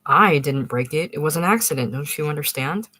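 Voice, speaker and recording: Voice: medium pitch, lively intonation, fairly quick, bright, forceful tone. A reader voicing a proud, touchy husband recovering from illness, speaking with stiff dignity and defensive explanations in an audiobook. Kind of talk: audiobook reading.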